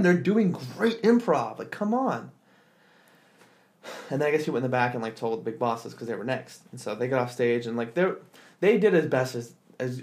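A man's voice: mid-range voice, darkish tone. A man hosting a podcast, telling a story in casual chat, acting out quotes in exaggerated voices with lots of fillers. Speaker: podcast host.

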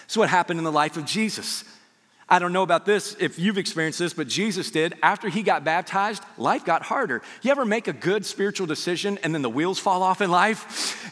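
A man preaching a sermon as pastor, emphatic, acting out quoted voices with sudden loud rises. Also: fairly high pitch, in a large hall.

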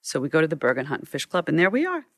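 A woman photographer telling stories in an interview, animated and acting out what people said, with frequent restarts. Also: low-pitched, rapid-fire, no echo, clean studio sound. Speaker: news photographer. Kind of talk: storytelling in a sit-down interview.

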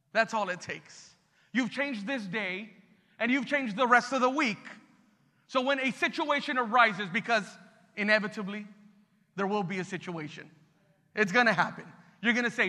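A pastor preaching with call-and-response energy, leading prayer and urging the congregation to repeat after him. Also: male voice, high-pitched, normal speed, pushed and bright. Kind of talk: sermon. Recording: long reverb in a hall.

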